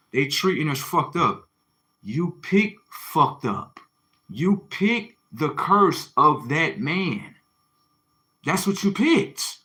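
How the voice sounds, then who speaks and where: A man's voice: high-pitched, bright, forceful tone. A man hosting a livestream, delivering a confrontational, preachy monologue full of rhetorical questions, slang and swearing. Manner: slangy, swearing, repeats phrases for emphasis. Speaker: livestream host.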